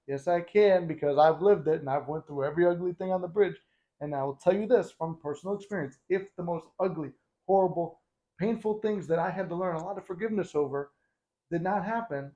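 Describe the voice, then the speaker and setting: A man's voice: on the high side, mellow, muffled recording. A man hosting a casual motivational talk, speaking conversationally and bluntly with the odd swear. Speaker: host.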